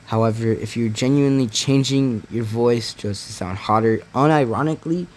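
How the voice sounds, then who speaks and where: A young male gaming YouTuber rambles through a casual, frustrated rant, packed with fillers and frequent "bro"s. His voice is mid-range, slightly mellow, at a moderate pace, but a device case blocks the mic, leaving the audio muffled with faint background noise.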